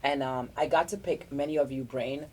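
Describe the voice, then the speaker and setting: A woman's voice: extremely low pitch, moderate pace. A middle-aged woman hosting a podcast, giving earnest, rambling relationship advice in a casual group chat. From South Florida. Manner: warm-hearted, rambling, earnest advice with restarts. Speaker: podcast host.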